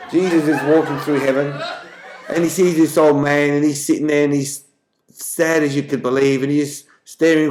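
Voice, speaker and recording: A man hosting a show and telling jokes in a chatty way, lightly mimicking the characters. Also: on the high side. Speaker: joke-telling host. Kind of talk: casual joke telling. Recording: echoey room.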